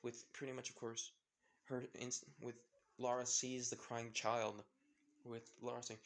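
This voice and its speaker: A man's voice: medium pitch, level tone, a little slow, a bit bright. Rambling man telling a fan story. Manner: rambling, heavy use of "with, of course" and restarts. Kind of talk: improvised fan story narration.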